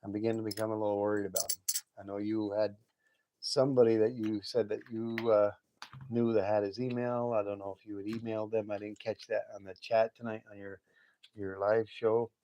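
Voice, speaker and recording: A man's voice: fairly low pitch, little pitch movement, fairly quick, dull audio, a little hiss or hum. Chatty man hosting a late-night stream. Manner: rambling and chatty, often chuckling. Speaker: live-stream host. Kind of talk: casual late-night live-stream chat with viewers. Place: at home.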